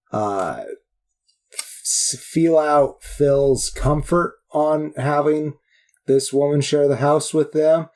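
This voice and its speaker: A man's voice: mid-range voice, dark tone. A man co-hosting a podcast, talking casually about movies in a laid-back way. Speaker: podcast co-host. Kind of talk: casual film discussion.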